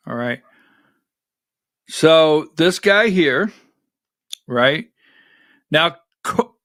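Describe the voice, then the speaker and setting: A middle-aged man hosting a livestreamed political commentary show, talking in an animated, rhetorical way, often asking "right?" and rising to near-shouting when worked up. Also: on the high side, dry recording, studio quality. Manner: talks while fumbling with on-screen clips.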